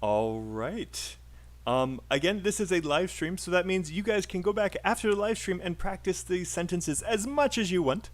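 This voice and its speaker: A man's voice: high-pitched, expressive, moderate pace. Upbeat British man teaching live. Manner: upbeat, encouraging, chatty with fillers. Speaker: English teacher. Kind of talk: live online class.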